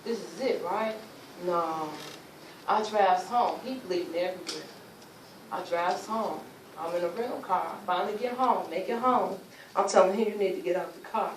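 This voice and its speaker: A woman giving an emotional personal testimony at a luncheon, telling her story in animated, informal speech and acting out what people said. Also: medium pitch, moderate pace, slight background noise. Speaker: speaker sharing a personal testimony. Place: luncheon event room. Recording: roomy, distant mic, faint ambience.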